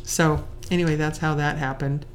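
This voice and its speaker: A woman's voice: sits low, level tone, moderate pace, a little hiss or hum. A woman telling a personal story in a chatty, self-mocking way, often laughing and acting out what people said. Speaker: storyteller recalling her courtship.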